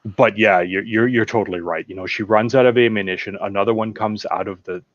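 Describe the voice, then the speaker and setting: A man's voice: lowish voice, steady tone, fairly quick, no echo, lo-fi sound. A man enthusiastically retelling film moments in casual chat, bursting into acted-out quotes. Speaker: podcast guest.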